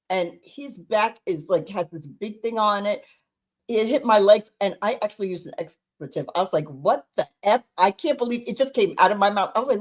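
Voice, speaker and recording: A woman, co-hosting a podcast and telling a story in casual chat, acting out the people in it. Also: mid-range voice. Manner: chatty, animated storyteller, acts out quoted dialogue. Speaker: podcast co-host.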